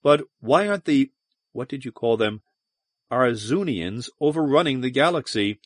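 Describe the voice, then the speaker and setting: A man's voice: medium pitch, animated, normal speed, no room sound, lightly acted. A man voicing a weary, dry-humored young male ensign in an audiobook.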